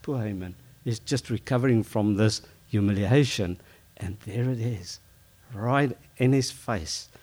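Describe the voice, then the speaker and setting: A man with a lowish voice retells a Bible story informally at a measured pace. He sounds lively and conversational, using fillers and correcting himself along the way.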